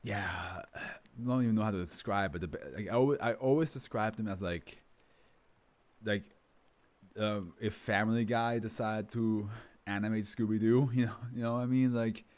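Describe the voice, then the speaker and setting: A man's voice: on the low side, fairly even intonation, normal speed, a little mellow. A man talking in a loose, rambling way, full of fillers and laughs, then reading a document aloud as a streamer. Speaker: host reading to a live stream. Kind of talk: casual chat and reading aloud.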